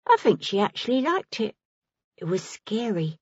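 A woman's voice: medium pitch, big pitch swings, husky, no room sound, dull audio, pitched above the performer's own voice. A woman narrator voicing a frightened, cheeky young street girl with brash slang, in an audiobook. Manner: brash, quick, working-class slang.

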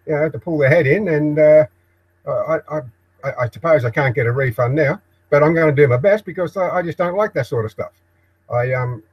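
An older Australian man hosting a live broadcast from his shed office, rambling in a halting way with many ums and restarts. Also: a little high, dull audio. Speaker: live stream host.

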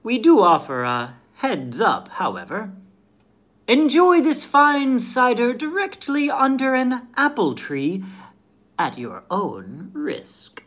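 A man voicing an old-timey 1920s male radio announcer with a crisp, formal cadence. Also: very high-pitched, big pitch swings, slow, a bit bright, voice pushed up, exaggerated voice.

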